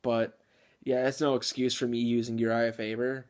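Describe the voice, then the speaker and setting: A man's voice: mid-range voice, level tone, normal speed, a little mellow. A man hosting a gaming channel, chatting casually with lots of filler words and the odd chuckle. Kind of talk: casual video game commentary.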